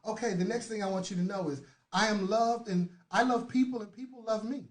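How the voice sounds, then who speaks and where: A man hosting a live motivational talk, leading affirmations and calling out viewers by name in an energetic, preachy way. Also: high voice, brisk. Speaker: motivational host. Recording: roomy echoey sound.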